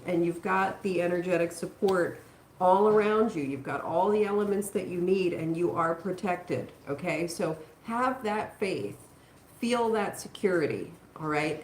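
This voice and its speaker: A woman with a lowish voice reads tarot cards on a live stream. She talks in a reassuring, thinking-aloud way. Her voice carries an echoey room with a faint hum behind it. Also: darkish tone. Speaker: tarot reader.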